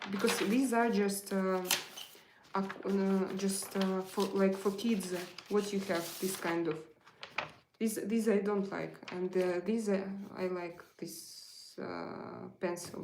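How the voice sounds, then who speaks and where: A middle-aged woman from Russia with a Russian accent, hosting a casual live chat, pausing often and searching for her words. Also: fairly low pitch, background noise. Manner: halting, searching for words, many fillers. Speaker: livestream host.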